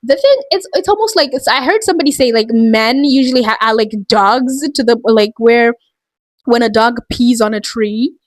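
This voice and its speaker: A woman's voice: fairly high pitch, moderate pace, dry recording. A woman vlogger ranting in a casual, rambling, exasperated way, full of fillers. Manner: rambling, exasperated, heavy use of "like".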